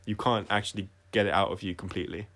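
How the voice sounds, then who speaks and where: A man talking through his own songs on a casual livestream, reflective and halting, often restarting his sentences and trailing off quietly. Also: on the low side, steady tone. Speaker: singer-songwriter explaining his songs.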